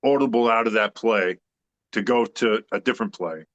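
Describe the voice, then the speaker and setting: A man's voice: fairly low pitch, normal speed, muffled recording. A man co-hosting a sports podcast in casual chat, opinionated and emphatic, rambling with fillers. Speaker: podcast co-host.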